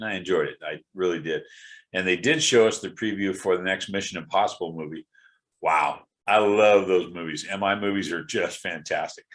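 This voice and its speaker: A middle-aged man with a very low voice talks through a casual personal update. He sounds congested and tired, rambling candidly with frequent fillers and restarts. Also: fairly bright tone. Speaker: video blogger.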